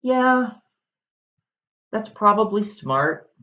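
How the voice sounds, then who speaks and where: A man's voice: fairly low pitch, lively intonation, measured pace. A man doing a hesitant new king. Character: awkward, cautious newly crowned king. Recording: roomy, slightly muffled room sound.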